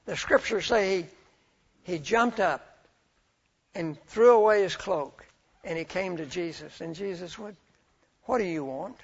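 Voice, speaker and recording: A man preaching a sermon in a storytelling way, his voice swelling loud and then dropping low. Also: a little slow, pauses often, husky, highs cut off. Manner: storytelling, swells and drops in loudness.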